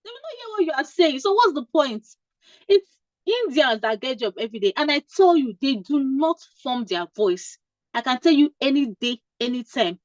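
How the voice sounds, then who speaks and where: A high-pitched woman from Nigeria coaches nurses through interview prep in an emphatic, repetitive way, often checking in with "okay?". The recording sounds dry and a little dull. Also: very animated, normal speed, no room sound. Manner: emphatic, repeats points, asks "okay?". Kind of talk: informal advice talk.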